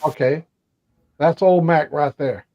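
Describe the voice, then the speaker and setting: A slightly high-voiced older man talks slowly while co-hosting a casual chat, his stories riddled with fillers and restarts. There's no room sound, but the recording is dull and lo-fi.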